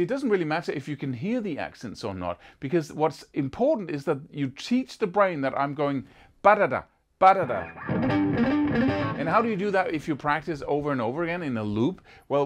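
A man teaching a guitar lesson in a casual, animated way, sometimes singing rhythms as syllables. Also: fairly high pitch. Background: guitar playing.

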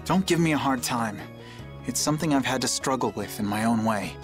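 An actor voicing an earnest young male knight in a video game, speaking in a formal, measured way, with game music behind him. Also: mid-range voice, expressive, lightly acted. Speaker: game character.

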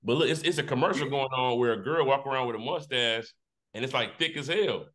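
A man's voice: medium pitch, a little fast, fairly bright tone. A man co-hosting a podcast, joking crudely and animatedly in casual group banter. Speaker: podcast co-host.

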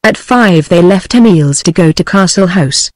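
A synthetic British female voice narrating an audiobook in an even, mechanical way. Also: lowish voice, moderate pace, no echo. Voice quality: even, mechanical text-to-speech delivery.

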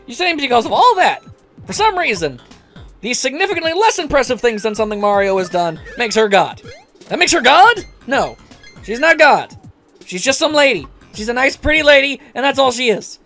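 A woman commentating over a game in a ranting, animated way, full of asides. Her voice is high and leaps all over the place, with soft music playing faintly beneath. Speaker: let's play commentator. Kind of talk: gameplay commentary rant.

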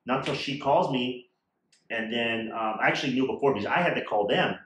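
A man's voice: mid-range voice, a little fast, fairly bright tone. A man telling a story in a casual chat, blunt and irritated, and swearing freely. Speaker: vlogger sharing a surgery trip story. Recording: echoey room with faint noise.

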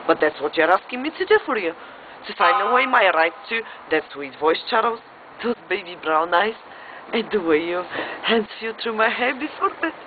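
A jilted wife, bitterly joking one breath and pleading the next, played by a woman in a stage monologue. Her pitch swings widely as she moves between mockery and near tears. The sound is tinny and thin, as though it came over a phone line, with clear background noise. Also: close to an everyday voice. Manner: swings between sarcastic jokes and tearful pleading. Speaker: actress performing a monologue.

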